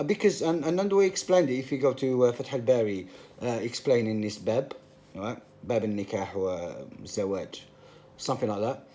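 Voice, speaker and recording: A man's voice: medium pitch, warm tone. A man giving an emphatic, passionate monologue, full of repetition and rhetorical questions. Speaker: religious commentator.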